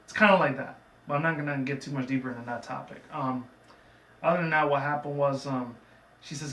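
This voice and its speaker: This man's voice is medium-pitched, steady, fairly quick and a bit bright as he casually recaps a cartoon episode. He's chatty and digressive, with plenty of fillers. The sound is roomy, picked up by a distant mic, with faint background noise.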